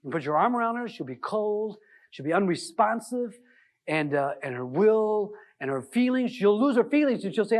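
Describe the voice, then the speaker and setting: A man's voice: sits high, sing-song, normal speed, a little mellow. A man giving a live relationship seminar, telling stories and acting out the dialogue in them, with many "uh" fillers. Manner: storytelling, acting out quoted dialogue; conversational, with frequent "uh" fillers. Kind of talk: live seminar talk to an audience.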